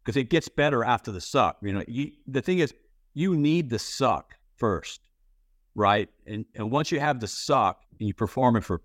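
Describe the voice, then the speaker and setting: A man's voice: mid-range voice, expressive, moderate pace, no room sound, studio quality. A man giving acting advice in a casual interview, rambling and full of restarts. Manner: candid, swears casually. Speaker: interviewer, playwright and actor.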